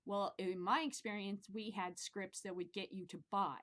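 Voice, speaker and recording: A middle-aged woman from the American Midwest, hosting a casual monologue show, rambling and animated and swearing freely. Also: medium pitch, moderate pace. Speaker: podcast host.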